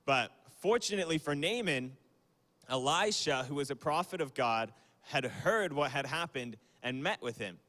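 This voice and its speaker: A man's voice: medium pitch, expressive, moderate pace, fairly bright tone. A young man giving a casual, conversational youth sermon on a livestream, with fillers and small apologies. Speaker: youth speaker. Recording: long hall reverb.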